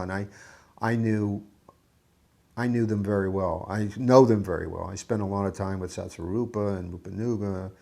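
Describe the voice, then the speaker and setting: A man recalling old memories in an interview, talking in a reflective, earnest way with halting restarts. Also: on the low side, creaky, a little mellow. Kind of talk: reminiscing interview.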